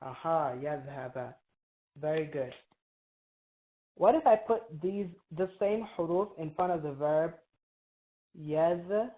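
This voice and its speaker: Woman teacher, low register, patient quizzing style, phone-quality audio. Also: animated, measured pace, pauses often. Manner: patient, quizzes students, frequent "right?" checks. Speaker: Arabic teacher. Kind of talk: classroom review lesson. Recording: tinny phone-like online call.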